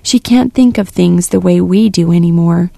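A woman voicing a calm, gentle mother speaking reassuringly. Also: lowish voice, moderate pace, vocal fry, dry recording.

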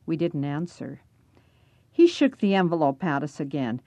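A woman's voice: sits low, lively intonation, normal speed, warm tone, no room sound, lo-fi sound. A woman narrating a first-person story aloud, reading expressively.

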